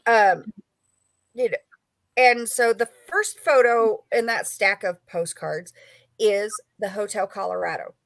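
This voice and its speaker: A woman's voice: medium pitch, measured pace, creaky, no room sound. Chatty woman guest, dry sound. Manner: rambling, filler-heavy, chatty. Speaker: author and paranormal investigator guest. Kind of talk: casual storytelling interview.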